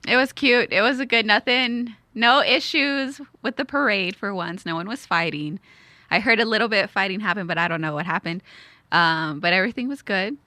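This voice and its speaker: A woman co-hosting a radio show, chatting casually and retelling events with animated quoted voices. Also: medium pitch, fairly quick, no echo. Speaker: radio co-host. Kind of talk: casual chat.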